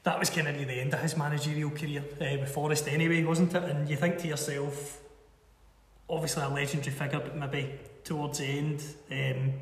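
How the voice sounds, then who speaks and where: A man's voice: fairly high pitch, flat delivery, brisk. A man interviewing a guest in a conversational way, asking leading questions. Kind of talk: casual interview. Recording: distant mic in echoey room, long reverb.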